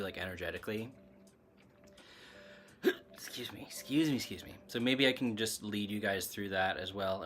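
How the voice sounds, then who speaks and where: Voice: deep voice, fairly bright tone, a little hiss or hum. A spiritual livestream host chatting casually through a bout of hiccups, rambling and laughing often.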